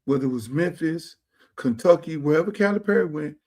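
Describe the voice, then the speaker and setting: A man with a fairly high, expressive and slightly mellow voice hosts his own stream, talking a little fast. He rants casually at viewers, bluntly, profanely and with slang, into his streaming setup mic.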